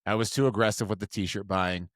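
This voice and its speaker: A man in his forties from Utah, a podcast co-host telling a story in a casual, self-mocking way and jumping to higher voices for quotes. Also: fairly even intonation, a little fast, no room sound, clean studio sound.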